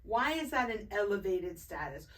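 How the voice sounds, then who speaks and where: A woman's voice: medium pitch, very animated, distant mic. A woman co-hosting a podcast in casual chat, agreeing readily and backing up her friend's points. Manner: supportive listener, quick to agree. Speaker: podcast co-host.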